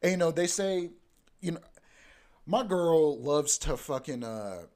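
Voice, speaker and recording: A man's voice: a little high, lively intonation, unhurried, darkish tone. A young man hosting a podcast in a casual, profane, ranting monologue that keeps coming back to "bro.". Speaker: podcast host.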